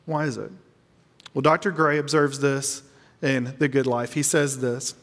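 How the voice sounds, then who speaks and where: A man preaching a sermon as pastor, earnest, slowing down to stress key lines. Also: mid-range voice, fairly bright tone, long reverb tail.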